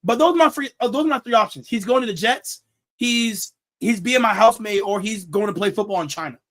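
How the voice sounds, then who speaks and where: Young man, high-pitched, sports show host, joking, repeats himself. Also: brisk, fairly bright tone. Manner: joking, laughs at own jokes, repeats words. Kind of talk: casual sports talk show.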